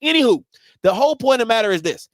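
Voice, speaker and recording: A man hosting a live sports talk show, ranting in a casual and profane way, dropping to low mutters and then rising to shouts. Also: big pitch swings, racing, dry recording.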